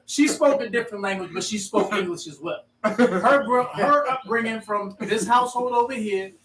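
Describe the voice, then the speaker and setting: A man's voice: high voice, a bit bright, recorded from a distance. A man in a group discussion, telling stories and acting out quoted lines. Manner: quick, storytelling, acts out quoted lines. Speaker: discussion participant. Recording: roomy, off-mic with faint ambience.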